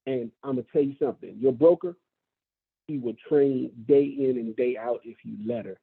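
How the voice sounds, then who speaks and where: A man's voice: medium pitch, normal speed, gravelly, breathy edge. A man leading a real estate brokerage gives a folksy, enthusiastic motivational speech to his agents, often repeating himself for emphasis. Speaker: brokerage leader addressing agents. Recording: tinny phone-like sound.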